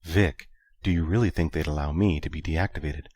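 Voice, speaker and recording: A man voicing a principled female ship computer who speaks calmly and quietly. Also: rumbling low, brisk, dry recording, clean studio sound. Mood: prim.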